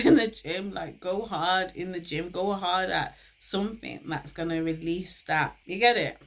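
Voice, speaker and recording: A woman's voice: on the low side, fairly bright tone, slight background noise, rough recording. A young woman, hosting a casual talk. She is chatty, laughs often and uses slang. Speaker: host.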